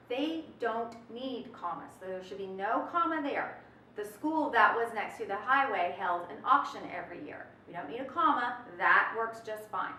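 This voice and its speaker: A woman teaching a webinar grammar lesson in a lively, folksy manner, drawing out her examples for emphasis. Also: a little high, distant mic, slight background noise. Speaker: test prep instructor. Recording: echoey room, off-mic.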